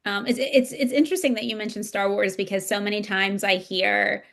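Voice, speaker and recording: A woman's voice: medium pitch, steady tone, brisk, gravelly, fairly bright tone. A woman hosting a casual podcast conversation, rambling enthusiastically with lots of fillers. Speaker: podcast host.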